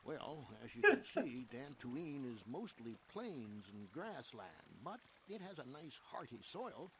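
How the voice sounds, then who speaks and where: An actor playing a chatty, helpful middle-aged farmer settler in a video game, with a folksy, rustic way of talking. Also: male voice, mid-range voice, huge pitch swings, unhurried, pushed and bright, exaggerated voice. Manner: folksy, rustic, plain-spoken. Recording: game audio with background noise.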